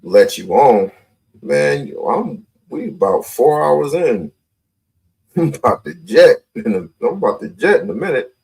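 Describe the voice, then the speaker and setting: A man's voice: medium pitch, sing-song, unhurried, vocal fry, a little mellow. A man hosting a live call-in stream, talking confrontationally and repeating his points. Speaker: livestream host.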